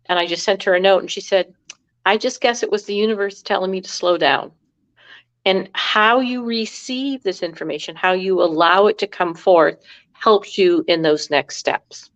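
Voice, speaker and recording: A middle-aged woman, a guest in a casual spiritual astrology chat, talking in a reflective, measured way. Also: on the low side, dull audio.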